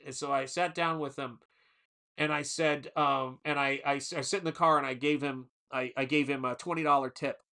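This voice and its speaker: A man's voice: medium pitch, steady tone, normal speed, bright, forceful tone. A man hosting a casual livestream chat, telling long stories with frequent restarts and laughs. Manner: rambling storyteller, restarts and laughs. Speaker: livestream host.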